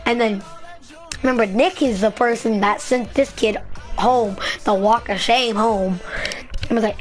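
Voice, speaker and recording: A woman vlogger telling a story in a rambling, excitable way, full of fillers. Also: a little high, moderate pace, faint music behind. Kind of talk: casual storytelling vlog.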